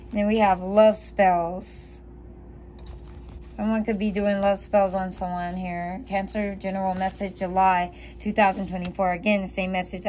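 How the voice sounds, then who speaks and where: A woman's voice: mid-range voice, little pitch movement, normal speed, darkish tone, slight background noise. A woman reading tarot cards aloud, chatty and giggly, thinking aloud as she goes. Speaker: tarot reader.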